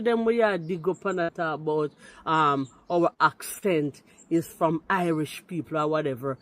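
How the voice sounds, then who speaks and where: A woman's voice: low voice, measured pace. Indignant Jamaican woman arguing. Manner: forceful, indignant, patois-laced. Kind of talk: heated call-in rebuttal.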